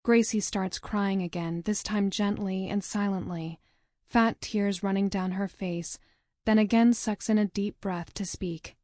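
A woman narrating a novel in the first person, with a measured, dramatic reading. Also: mid-range voice, fairly even intonation, a little mellow, dry recording, studio quality. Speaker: audiobook narrator.

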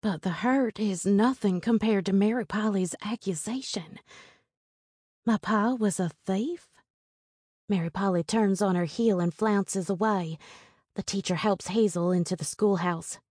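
A woman narrating a first-person story in a calm, measured reading voice. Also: medium pitch, no echo, clean studio sound. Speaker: audiobook narrator.

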